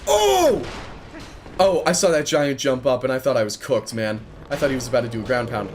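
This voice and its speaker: A man in his twenties telling a rambling story while commenting on his own gameplay, chatty and excitable, breaking off to react loudly. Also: medium pitch, fast talker, a little hiss or hum. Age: 20s. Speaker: gaming video creator.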